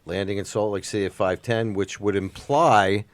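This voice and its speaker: A man co-hosting a radio show, reading out a news update in a measured, informational way. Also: lowish voice, steady tone, dry recording.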